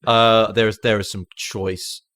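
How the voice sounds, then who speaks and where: Low-voiced man chatting films. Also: level tone, slow pace, fairly bright tone, dry recording, clean studio sound. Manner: chatty, retells scenes with acted-out quotes. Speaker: podcast co-host. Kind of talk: casual film-review chat.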